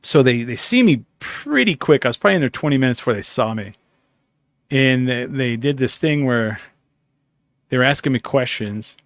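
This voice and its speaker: A man's voice: mid-range voice, animated, moderate pace, a bit bright, dry recording. Rambling, cussing man telling a story. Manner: rambling, profane, acts out his own dialogue. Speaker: podcast host. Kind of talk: casual storytelling chat.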